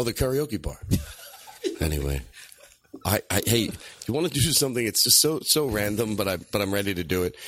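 A man hosting a comedy podcast in a studio, chatting in a rambling, excitable way with lots of laughing and restarts. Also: on the low side, slight background noise. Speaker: podcast host. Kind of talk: casual comedy podcast chat. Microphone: studio microphone.

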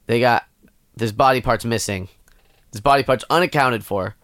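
A man's voice: medium pitch, moderate pace, a bit bright, no room sound, studio quality. A man co-hosting a podcast in a goofy, jokey casual chat. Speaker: podcast co-host.

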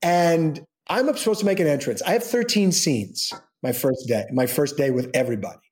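Animated older male storyteller. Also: moderate pace. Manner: animated storyteller acting out quotes with bursts of high pitch. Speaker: actor guest. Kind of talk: casual anecdote telling.

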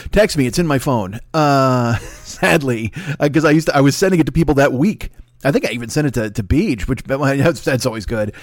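A man hosting his own podcast in a rambling, profane, self-mocking comic monologue, often talking fast. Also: medium pitch, expressive, dry recording, clean studio sound. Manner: talks fast, then slows down. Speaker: podcast host.

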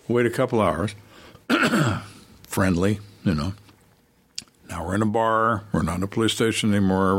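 An older man, a retired homicide detective, telling stories in an interview with dry emphasis and acting out the people in them. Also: fairly low pitch. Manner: dry, emphatic storyteller who acts out suspects' lines. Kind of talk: storytelling in conversation.

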